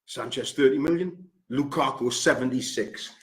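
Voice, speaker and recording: A man's voice: mid-range voice, moderate pace. A man, ranting furiously about his football club, swearing and hammering the same figures again and again. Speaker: football fan pundit. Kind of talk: angry football rant. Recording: roomy echo.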